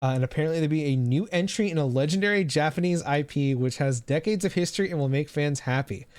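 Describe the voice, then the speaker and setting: A male streamer talks off the cuff to his chat, rambling and dropping the odd swear word. His voice sits a little high for a man. The sound is dry and close, with no room in it. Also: fast, darkish tone, smooth, dry recording. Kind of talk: casual live-stream reaction chat.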